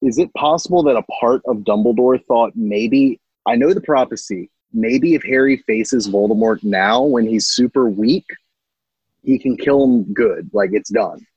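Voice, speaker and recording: A man co-hosting a podcast, animated, swearing and breaking into voices. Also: medium pitch, unhurried, husky, no echo, highs cut off. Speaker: podcast co-host. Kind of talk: casual book-club chat.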